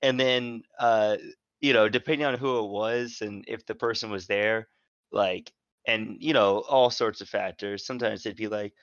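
A man's voice: on the low side, steady tone, normal speed, a bit bright, no echo. A man rambles through a story on a casual podcast, swearing freely and restarting his sentences. His voice sounds dry and close, with a slightly dull, muffled tone. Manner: rambling, profane, lots of fillers and restarts. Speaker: podcast co-host.

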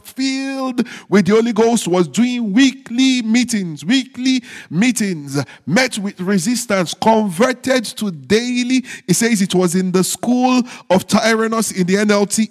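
A male pastor preaching a sermon, stressing phrases slowly and dropping into low, quiet teasing asides to the congregation. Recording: long hall reverb.

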